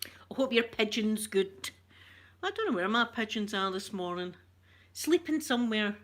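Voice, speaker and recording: A Scottish woman with a bright, clear voice talks straight into a close mic. She rambles from one joke to the next and answers her viewers' comments as they come in. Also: medium pitch, animated, normal speed. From Scotland. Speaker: ASMR channel host. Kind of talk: chatty live-stream talk.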